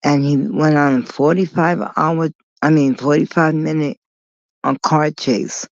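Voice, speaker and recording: A woman's voice: low voice, fairly even intonation, measured pace, no echo. A woman vlogger telling a long story in a rambling, digressive way, blunt and full of swearing. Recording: dull lo-fi recording.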